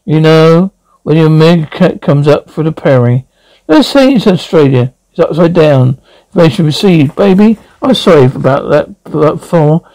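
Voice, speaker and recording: A man's voice: fairly high pitch, expressive, darkish tone, no echo, low-quality recording. A man retelling a cartoon episode in a loose, rambling way, with frequent halts and restarts as he voices the dialogue. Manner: rambling, halting, many restarts.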